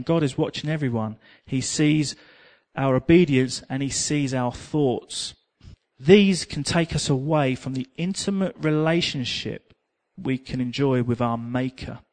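Lively English preacher, a man. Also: mid-range voice. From England. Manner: lively storyteller, sings snippets, self-mocking. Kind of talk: sermon with personal storytelling.

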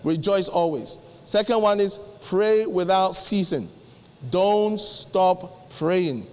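A middle-aged male pastor preaching, acting out little dialogues with sudden jumps in pitch. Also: slow pace, clear, resonant tone. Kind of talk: sermon. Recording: long hall reverb.

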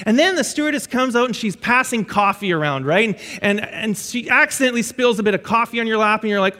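High-voiced preacher in a reverberant auditorium. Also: male voice. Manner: lively storytelling with frequent restarts. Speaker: pastor. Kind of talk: sermon. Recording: echoey auditorium with long reverb.

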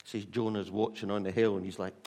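Animated male preacher. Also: lowish voice, quick pace. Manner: animated storytelling with fillers and restarts. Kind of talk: sermon.

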